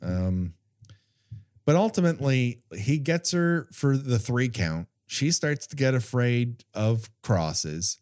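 A man talking on a podcast with a lively, swooping voice. He retells the plot with sarcasm and plenty of swearing, in an easygoing, chatty way. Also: medium pitch, slow. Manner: animated, profane, sarcastic retelling. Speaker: podcast co-host. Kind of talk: casual film chat.

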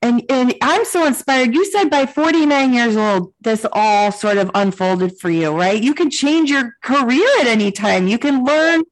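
A woman in her forties hosts a podcast interview. She speaks in a casual, earnest and encouraging way. Her voice is somewhat high. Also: moderate pace, few pauses, poor audio. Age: 40s. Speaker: podcast host.

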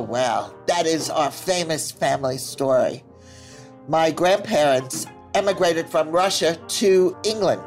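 An older woman and grandmother telling family stories with a lively, laughing delivery and acted-out quotes. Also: low-pitched. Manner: lively storyteller who laughs easily and acts out quotes. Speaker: grandmother interviewed by her grandson. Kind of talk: family storytelling.

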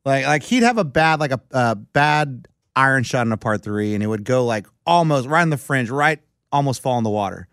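A young man telling a rambling, excitable story in casual chat, full of "dude" and "like". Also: medium pitch, brisk, clean tone, no echo, clean studio sound.

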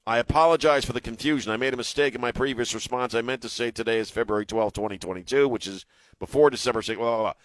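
A man voicing a stubborn, insistent chatbot, reading its lines quickly on talk radio. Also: mid-range voice, dry recording, close to an everyday voice.

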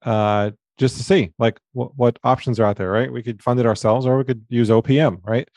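A man speaking as a guest in a casual business talk, relaxed and hedging, often adding "right?". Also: mid-range voice, brisk, no echo.

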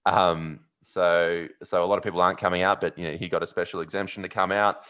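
An Australian man with a very low voice tells a long story in casual chat. He rambles, fills gaps with ums, and gets animated as the story builds. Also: quick pace, smooth. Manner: animated, rambling, with fillers and loud yelled bits. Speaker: podcast host.

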